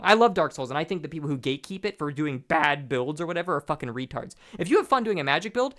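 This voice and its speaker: A man's voice: fairly high pitch, lively intonation, quick pace, hardly any pauses, a bit bright. A tipsy young man rambling and swearing as he commentates his own gameplay. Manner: rambling, heavy swearing, frequent restarts.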